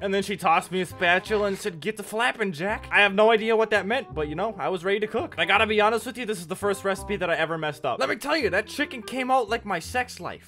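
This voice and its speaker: Bright, lively young man telling jokes. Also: sits high, brisk. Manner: jokey, laughs at his own punchlines. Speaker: gaming YouTuber. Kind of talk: comedic storytelling over gameplay. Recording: light background music.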